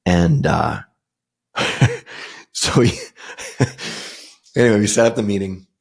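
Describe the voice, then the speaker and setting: A middle-aged man with a deep, gravelly voice tells a personal story on his podcast. His tone is husky and unpolished. He rambles loosely, piling up fillers and restarts as he goes. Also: slow pace. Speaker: podcast host.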